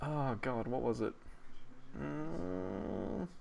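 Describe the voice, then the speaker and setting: A man's voice: mid-range voice, expressive, very slow, creaky, darkish tone, slight background noise. An Australian man hosting a podcast late at night, a little drunk and tired, chatting casually, laughing often and swearing freely. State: tipsy and tired. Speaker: podcast host.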